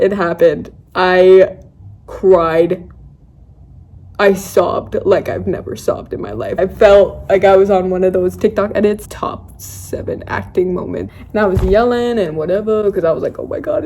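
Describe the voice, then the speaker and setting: A young adult woman with a warm, mid-range voice vlogs a story. She tells it casually and dramatically, mocking herself and acting out her own quotes.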